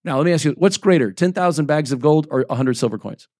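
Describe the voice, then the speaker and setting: A man's voice: a little high, quick pace, a little mellow, dry recording, clean studio sound. A man in his forties preaching a sermon as a pastor, talking in a loose, conversational way, often checking in with "right?" and "okay?", and reading scripture aloud between plain asides.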